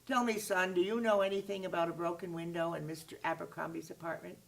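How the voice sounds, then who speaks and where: A woman voicing a father who speaks in a calm, level, questioning way. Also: fairly low pitch, quick pace, gravelly. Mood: stern. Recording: voice far from the mic.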